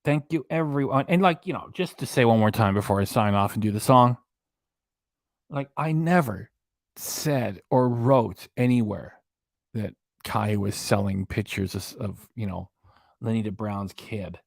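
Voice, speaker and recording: A man's voice: lowish voice, a little slow, gravelly, a little mellow, no echo, clean studio sound. A man hosting a reaction live stream in a casual, mocking way, laughing often as he talks. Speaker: reaction channel host.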